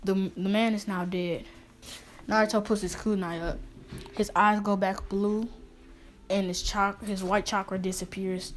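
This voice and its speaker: A woman's voice: medium pitch, flat delivery, measured pace. A woman improvising a fan story, rambling with many restarts and fillers.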